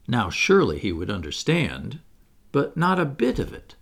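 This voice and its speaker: A man narrating a classic storybook aloud in an expressive reading voice. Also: medium pitch, normal speed, vocal fry. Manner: expressive, wide-ranging. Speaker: audiobook narrator.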